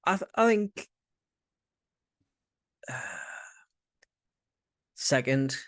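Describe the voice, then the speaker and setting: A man's voice: a little high, animated, very slow, dry recording, clean studio sound. A man with a Northern English accent, co-hosting a casual podcast chat, laid-back and hesitant, often trailing off. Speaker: podcast co-host.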